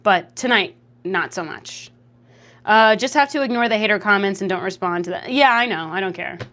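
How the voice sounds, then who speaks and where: A young adult woman livestreaming at home into a desk mic, chatting casually and reacting to chat comments in a lively, jokey way. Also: normal speed. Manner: lively, jokey, reacts to chat with laughs and big pitch jumps. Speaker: streamer.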